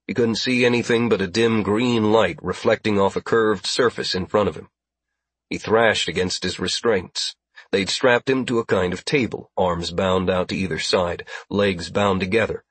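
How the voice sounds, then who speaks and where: A man narrating a science-fiction audiobook in a steady, even storytelling manner. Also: sits low, normal speed, breathy edge, no room sound. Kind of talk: scripted narration.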